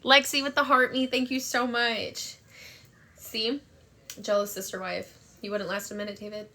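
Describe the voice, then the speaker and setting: A woman's voice: a little high, flat delivery, moderate pace, bright, forceful tone. A young woman telling a story and chatting on a phone livestream, brash and profane, thanking viewers for gifts. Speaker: TikTok live streamer.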